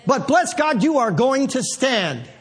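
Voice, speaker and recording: A man preaching a sermon in an animated, conversational way, calling out to the congregation. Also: extremely high pitch, measured pace, breathy edge.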